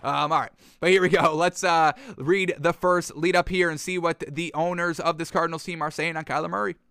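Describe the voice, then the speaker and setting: A man's voice: a little high, fairly even intonation, brisk, creaky, sharp tone, smooth, no echo, studio quality. A man hosting a solo sports commentary show, talking casually to his listeners and mocking teams with sarcastic put-on quotes. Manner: conversational, addresses listeners as folks and y'all.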